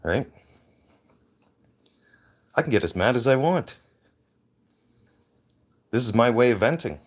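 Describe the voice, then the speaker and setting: A man's voice: medium pitch, animated, slow pace. A man ranting in a heated, profane way into a handheld phone on a livestream. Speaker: veteran livestreamer. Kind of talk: angry livestream rant.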